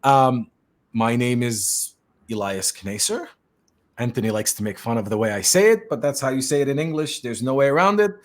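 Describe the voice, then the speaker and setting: A man's voice: mid-range voice, lively intonation, normal speed. A middle-aged man from Lebanon, hosting a podcast and chatting in an easygoing way, with lots of fillers and restarts. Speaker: podcast host and tech consultant. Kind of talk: casual podcast chat.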